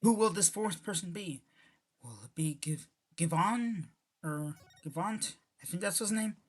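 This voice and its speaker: Woman let's-player, casual and chatty, husky voice. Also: fairly low pitch, expressive, unhurried. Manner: chatty, self-correcting asides. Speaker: let's-play narrator. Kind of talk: casual gameplay commentary.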